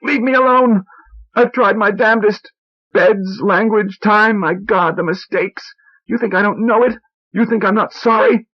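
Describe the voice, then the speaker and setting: A man voicing a furious, exhausted wife at her breaking point, shrill and screaming in rage, on a muffled old cassette recording. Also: a little slow.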